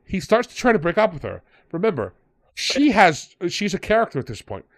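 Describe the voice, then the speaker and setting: A man's voice: high voice, a little fast. A man hosting a podcast, telling a tabletop game story in casual chat and retelling his players' lines. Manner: animated, retells players in quoted voices. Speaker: podcast host and game master.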